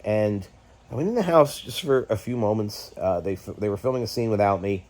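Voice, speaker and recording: A middle-aged man talks straight to his vlog audience with a somewhat low voice. He is agitated and profane, halting with fillers as he vents. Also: darkish tone. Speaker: YouTube host. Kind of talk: candid personal vlog rant.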